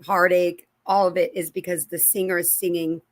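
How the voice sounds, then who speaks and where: Animated middle-aged woman talking to her channel. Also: on the low side, moderate pace, dry recording. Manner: animated storyteller, acting out quoted voices; rambling, with restarts and asides to viewers. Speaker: channel host. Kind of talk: casual religious commentary to camera.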